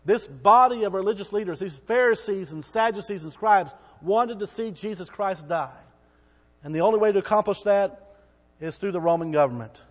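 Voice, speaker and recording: A man preaching a sermon, retelling the story with drama and shouting out the crowd's cries. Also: high-pitched, animated, moderate pace, big-room sound.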